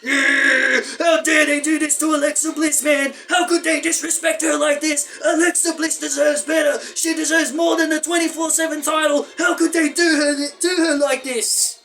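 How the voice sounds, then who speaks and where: A man's voice: extremely high pitch, little pitch movement, normal speed, hardly any pauses, pushed and bright, shouting, faint music behind, pitched above the performer's own voice, exaggerated voice. A man mimicking a whiny, complaining male wrestling fan in a mocking voice. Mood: whining. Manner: mocking, whining.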